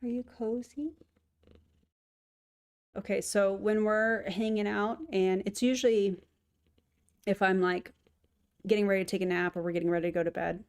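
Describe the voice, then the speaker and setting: A woman's voice: mid-range voice, level tone, a little fast, clean tone. A woman hosting a casual livestream, chatting to viewers and cooing to her cat. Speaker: streamer host.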